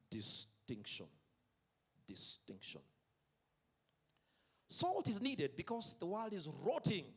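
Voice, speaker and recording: A man preaching a sermon at a concert, emphatic, drawing out key words and having the audience repeat lines after him. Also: fairly high pitch. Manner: emphatic, drawn-out delivery with call-and-response. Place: concert venue.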